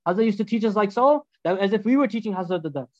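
A man giving a storytelling sermon as a religious teacher, animated and acting out the dialogues. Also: high-pitched, rapid-fire, no room sound, lo-fi sound.

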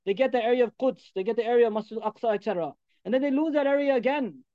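A man with a very high voice delivers a sermon at a rapid clip, pressing each point home by repeating it. His words come through dry and close, with little room sound. The recording is a little dull and muffled. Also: dry recording. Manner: emphatic, repetitive exhortation. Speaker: preacher.

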